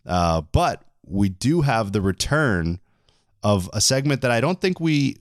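A man hosting a casual podcast chat, speaking haltingly and often repeating words. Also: mid-range voice, sing-song, no echo, clean studio sound. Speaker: podcast host.

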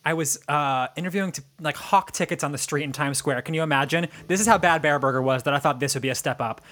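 Bright-voiced young man, laughing co-host. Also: fairly high pitch, fast talker. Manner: self-mocking, laughs often. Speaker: podcast co-host. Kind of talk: casual podcast chat.

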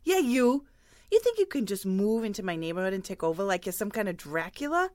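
A loud, blustering neighborhood gossip voiced by a woman in a comedic audio drama. Her pitch leaps and swoops constantly. She rants with barely a pause. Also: no room sound. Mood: ranting. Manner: loud, blustering, lively delivery with chuckles. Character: brash, gossiping neighborhood woman, hot-tempered.

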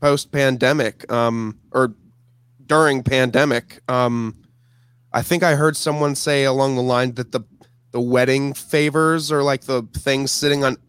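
Man, podcast co-host, smooth resonant voice, dry close mic, upbeat, rambling. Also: medium pitch, fairly even intonation, unhurried, fairly bright tone, no room sound. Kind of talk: casual chat.

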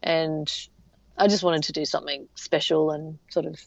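A woman's voice: low-pitched, little pitch movement, normal speed, gravelly, dry recording. A woman, telling her story as an interview guest in a chatty way full of fillers and restarts. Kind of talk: casual storytelling. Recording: dull lo-fi sound.

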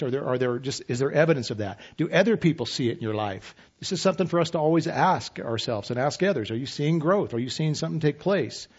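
A man in his fifties preaching a sermon as pastor, relaxed and conversational with self-deprecating humor. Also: fairly high pitch, breathy edge, lo-fi sound.

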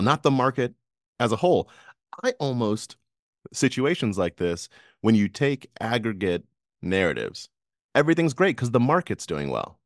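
A man's voice: medium pitch, no echo, studio quality. A man co-hosting a podcast, chatting casually about the markets, laughing often and rambling through restarts. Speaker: podcast co-host. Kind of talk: casual finance chat.

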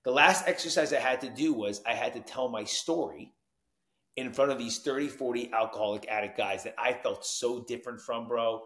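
A man telling his recovery story as a podcast guest, animated, dropping to hushed tones and jumping to loud whoops. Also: medium pitch, moderate pace, echoey room. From New Jersey.

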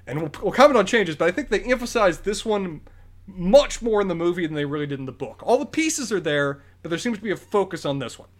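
A man co-hosting a casual film-review podcast, explaining the story in thorough detail. His voice sits a little high, and he speeds through stretches in quick bursts before settling again. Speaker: podcast co-host. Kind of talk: casual movie review chat.

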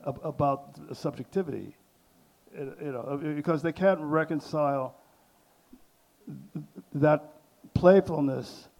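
An older man talks on a panel with a gravelly, mellow voice that sits a little high for a man. He stops and starts, with many fillers and restarts as he feels his way through each idea. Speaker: artist on a panel. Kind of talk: hesitant panel talk.

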